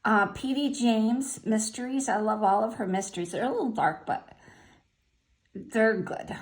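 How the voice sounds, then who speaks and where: An older woman talking casually, listing her favorite books in an unhurried way with fillers and short asides. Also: a little high. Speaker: vlogger sharing favorite books. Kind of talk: casual spoken list.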